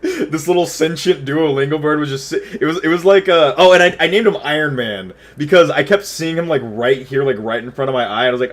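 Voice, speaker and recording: A young man tells a long, rambling story on a livestream. He keeps stumbling into stuttered restarts and swears freely. He breaks off to answer his chat and talks at a middling pitch. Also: lively intonation, brisk. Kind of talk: casual storytelling while chatting with viewers.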